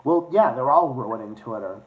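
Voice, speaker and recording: A young man hosting a casual livestream, excitable and rambling, swearing often with quick restarts. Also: medium pitch, phone-quality sound. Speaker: livestream host. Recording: echoey room, faint noise.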